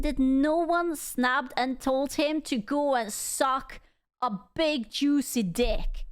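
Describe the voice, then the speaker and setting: A woman's voice: high voice, takes it slowly. A woman streamer giving casual reaction commentary, ranting in a heated, profane way because she is upset. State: angry and upset.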